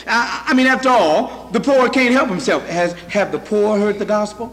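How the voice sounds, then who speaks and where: A man's voice: high voice, moderate pace, hardly any pauses, fairly bright tone, long reverb tail. A male preacher giving an emphatic, repetitive sermon, speaking directly to his congregation in a church.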